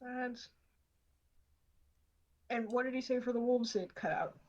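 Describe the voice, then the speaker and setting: A woman's voice: a little high, a little slow, a little mellow. A woman playing a tabletop game, dry and matter-of-fact. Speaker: player. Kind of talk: casual tabletop game play. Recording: dull, lo-fi sound.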